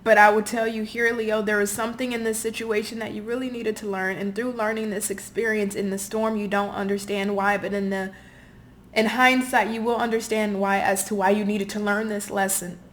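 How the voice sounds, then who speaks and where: A woman's voice: mid-range voice, level tone, brisk. A woman giving a heartfelt tarot reading, earnest and apologetic, circling back to repeat her phrases. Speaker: tarot reader. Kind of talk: intuitive tarot reading to camera.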